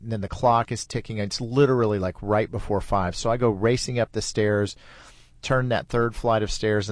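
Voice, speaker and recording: A middle-aged man hosting a podcast, telling a story in a relaxed, chatty way and laughing easily. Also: fairly low pitch, no room sound. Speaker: podcast host. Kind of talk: casual storytelling.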